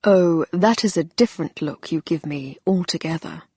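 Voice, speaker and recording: A teasing, tender young man speaks low and slow, with soft, intimate warmth, as a woman narrator puts him on. The voice is husky and close, with no room sound. It is a romance audiobook read. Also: no echo.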